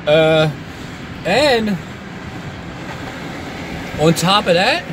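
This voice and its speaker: A man commentating in a sarcastic vlog, mocking doomsday alarm with exaggerated outbursts and low muttered asides. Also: sing-song, drawn-out words, noisy background. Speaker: video commentator.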